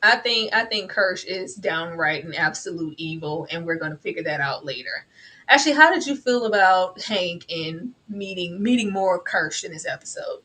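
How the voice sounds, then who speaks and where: A woman hosting a casual TV recap chat, expressive and dramatic, prone to laughing asides. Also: fairly low pitch, moderate pace, breathy edge. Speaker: podcast host.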